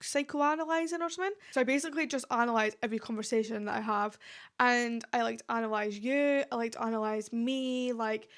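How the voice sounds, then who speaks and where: Woman, podcast host, casual rambling chat, slightly high and gravelly, lots of fillers. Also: steady tone, a little fast. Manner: chatty, rambling, heavy use of "like" fillers. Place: at home. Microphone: podcast microphone.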